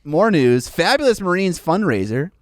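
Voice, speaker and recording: A man's voice: high voice, sing-song, moderate pace, no room sound, clean studio sound. A man co-hosting a hobby podcast in casual chat, rambling with lots of fillers. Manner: rambling, filler-heavy, laughs easily. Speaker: podcast co-host.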